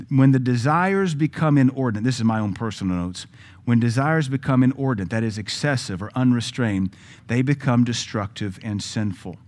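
A man's voice: mid-range voice, moderate pace, a little mellow. A man with a Southern US accent, a pastor preaching a sermon in a conversational style with joking asides.

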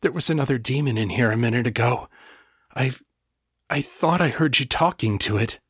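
A man's voice: medium pitch, moderate pace, slightly rough, dry recording, clean studio sound, natural voice. A man voicing a scared, shaken young man who speaks in a frightened, tearful way. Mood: anxious.

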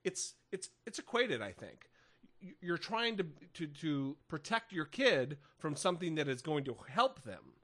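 Lively, bright-voiced joking man. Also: on the high side, measured pace. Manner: joking, rambling with restarts. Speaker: podcast co-host. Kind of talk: casual comedic chat.

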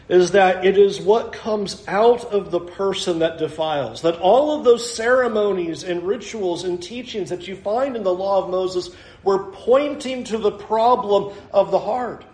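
A man preaching a sermon in an animated way, acting out the voices of the people he quotes. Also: high-pitched. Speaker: pastor. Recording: echoey room.

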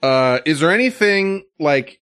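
A male host bantering on a casual show. His pitch swings around as he jokes and swears without much care. He talks loosely and stops to restart often. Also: animated, measured pace, a bit bright, smooth, no room sound, clean studio sound.

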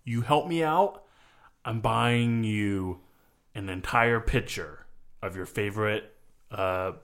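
Slow-talking man playing a tabletop game. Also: lowish voice, a bit bright. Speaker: player.

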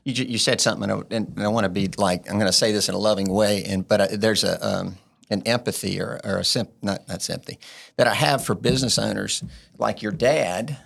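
A man with a low voice and a lot of vocal fry talks as an interview guest. He is earnest and a bit rambling, circling his points as he goes. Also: brisk, fairly bright tone. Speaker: business implementer, guest. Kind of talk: casual interview chat.

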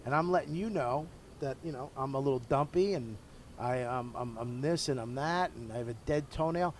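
Here a middle-aged comedian guest smokes a cigar while chatting casually in an interview, candid, profane and self-mocking about himself. The voice sits at medium pitch with a moderate pace, and there's a little hiss or hum.

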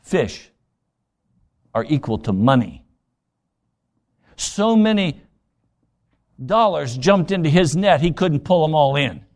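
Storytelling pastor preaching a sermon. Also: male voice, fairly high pitch, lively intonation, darkish tone. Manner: storytelling preacher acting out scripture dialogue; rapid rhetorical questions to the congregation.

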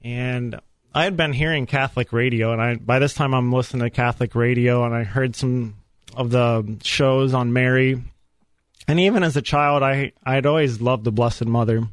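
A man giving an earnest, animated personal faith testimony as a guest on a radio show. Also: medium pitch, moderate pace, dry recording. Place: radio studio.

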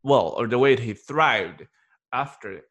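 A man hosting a casual interview in an even, mid-pitched voice. He listens closely and speaks in a halting way, full of restarts. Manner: attentive, halting, with fillers and restarts. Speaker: podcast host.

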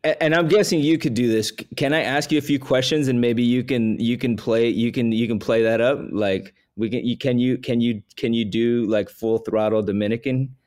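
A man's voice: medium pitch, steady tone, normal speed, hardly any pauses, darkish tone. A man hosting a podcast in casual interview, stammering into questions and laughing easily. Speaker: podcast host.

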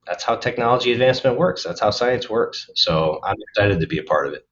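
A man's voice: lowish voice, lively intonation, fast, few pauses, fairly bright tone, lo-fi sound. A man being interviewed on a podcast, talking casually and thoughtfully, often restarting phrases as he explains. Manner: thoughtful, restarts phrases, upbeat about the future. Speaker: podcast guest.

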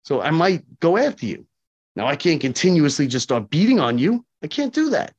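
Male corrections officer, casual interview talk, animated retelling, repeats for emphasis; lo-fi recording. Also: a little high, moderate pace, slightly rough. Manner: animated, acts out dialogue, repeats himself for emphasis. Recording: slightly dull lo-fi audio.

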